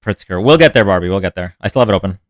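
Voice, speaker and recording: A man's voice: low-pitched, animated, very fast, no room sound. A man hosting a live stream in a casual, rambling way, chatting with viewers and reacting to their comments. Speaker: livestream host. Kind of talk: casual livestream chat.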